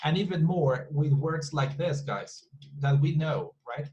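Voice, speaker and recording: A man with a slightly high voice runs an online English lesson over a computer mic on a video call. He talks in a loose, repetitive way, circling back to the same point. He often turns to his students with quick questions. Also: darkish tone, highs cut off, a little hiss or hum. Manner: chatty, repetitive, asks the class frequent questions. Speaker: English teacher. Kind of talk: online class teaching.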